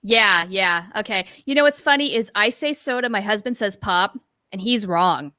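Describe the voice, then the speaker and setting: A woman's voice: mid-range voice, moderate pace, pushed and bright, no room sound, studio quality. A woman co-hosting a podcast, chatting casually and laughing often into a mic with a pop filter. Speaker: podcast co-host. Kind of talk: casual chat.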